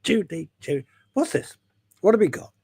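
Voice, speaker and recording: A man's voice: sits high, very animated, normal speed, gravelly, a little mellow, slightly rough, dry recording. A man from England hosting a radio show, chatting in a jokey, rambling, self-mocking way.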